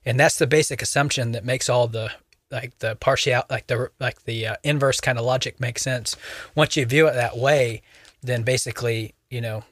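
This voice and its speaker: A man's voice: medium pitch, steady tone, normal speed, fairly bright tone, no room sound. Rambling man on a dry podcast mic. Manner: rambling, many fillers and restarts. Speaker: podcast co-host. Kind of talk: casual podcast discussion.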